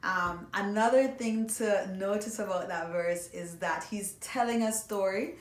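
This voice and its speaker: A woman's voice: mid-range voice, a little slow. Woman teaching songwriting in an echoey room. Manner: explains patiently, addresses students directly. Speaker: music teacher. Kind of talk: recorded songwriting lesson. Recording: echoey room, faint background noise.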